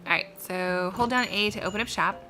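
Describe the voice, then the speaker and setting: A woman's voice: medium pitch, brisk, pushed and bright, faint music behind. A woman giving chatty, giggly commentary while playing a video game. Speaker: let's play gamer.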